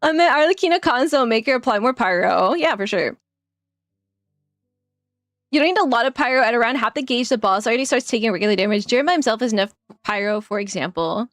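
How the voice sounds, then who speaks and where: Woman, game streamer, casual commentary, laughs a lot, higher pitch, dry close mic. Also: animated, quick pace, a bit bright, no echo. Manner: chatty, laughs often, trails off while thinking.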